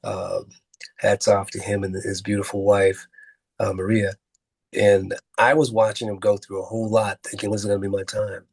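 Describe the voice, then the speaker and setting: A man's voice: fairly low pitch, a little mellow, slightly rough. A man, a film producer and actor, speaking as a guest in a casual interview, telling earnest, rambling stories full of fillers.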